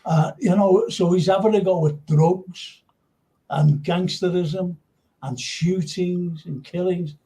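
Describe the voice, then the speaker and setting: A man's voice: high-pitched, steady tone, takes it slowly, warm tone, rough recording. A man hosting a casual live football chat, rambling and reading out viewer comments. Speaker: host.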